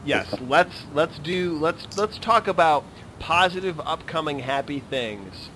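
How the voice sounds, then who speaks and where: A man's voice: a little high, measured pace, slight background noise, rough recording. A man hosting a comics podcast, chatting casually and joking with his co-hosts. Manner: joking, animated banter. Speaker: podcast host. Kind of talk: casual chat.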